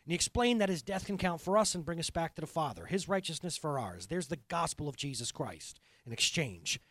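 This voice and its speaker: A man's voice: fairly high pitch, lively intonation, brisk, fairly bright tone, no echo. Earnest, impassioned male pastor. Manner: earnest, conversational, rising to impassioned. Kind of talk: sermon.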